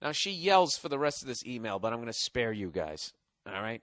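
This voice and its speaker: A man's voice: medium pitch, sing-song, a little fast, a bit bright, no echo, studio quality. A man hosting a podcast, delivering a sarcastic, mocking and profane comedic monologue. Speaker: podcast host.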